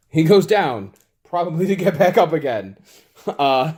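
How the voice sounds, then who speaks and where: Narrating his dice rolls in a tabletop wargame, a man speaks slowly in a high, sing-song voice with a darkish tone. He keeps it casual and playfully exasperated, making small sound effects with each roll.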